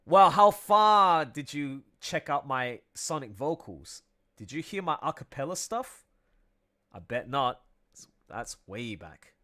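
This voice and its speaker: A man's voice: on the high side, expressive, slow, sharp tone. A man who draws comics, chatting casually on a livestream in a playful way, laughing often and breaking into song. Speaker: comic artist streaming his work.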